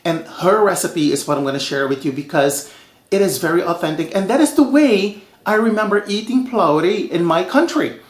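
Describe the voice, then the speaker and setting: A man from Suriname hosting a home cooking show, telling stories in a lively, chatty way. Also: sits high, fairly quick, reverberant. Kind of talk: casual cooking show talk.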